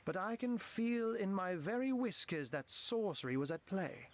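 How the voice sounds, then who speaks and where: A theatrical cat-wizard from a fantasy game, witty and genteel, who wraps every line in feline wordplay. His voice sits high and swoops widely, and he savours each flowery phrase. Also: lively intonation, normal speed, a little hiss or hum. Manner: flowery, playful, full of cat puns. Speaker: game character.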